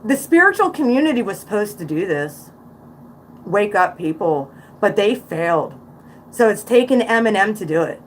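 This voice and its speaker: A woman's voice: medium pitch, sing-song, normal speed, a little hiss or hum. A woman in her forties with a Central Pennsylvania accent, talking bluntly and outspokenly as she reacts to music on a casual livestream. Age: 40s. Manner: blunt, outspoken, preachy asides. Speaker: livestream host.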